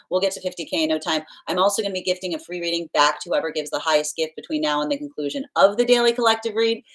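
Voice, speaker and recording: A woman whose voice sits low runs a live tarot stream, chatting casually, laughing often, and reading out what viewers comment. She can be playfully stern and motherly at moments, and the audio is poor.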